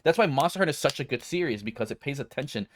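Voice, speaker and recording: A man's voice: medium pitch, animated, very fast, fairly bright tone, slight background noise. A man co-hosting a podcast, ranting in a heated, profane, rambling way with lots of restarts. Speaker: podcast co-host. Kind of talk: casual rant.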